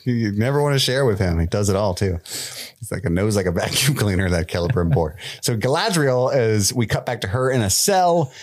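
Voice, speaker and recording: Casual podcast co-host, man, lively swooping pitch, jokey. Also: a little fast, few pauses. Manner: jokey, laughs often, acts out quotes. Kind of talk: casual chat recapping a TV episode.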